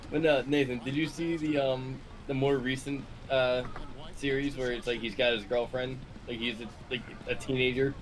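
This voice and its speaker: A young man moderating a podcast over a headset, talking in a halting way with fillers and laughs. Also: mid-range voice, steady tone, poor audio. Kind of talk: casual chat.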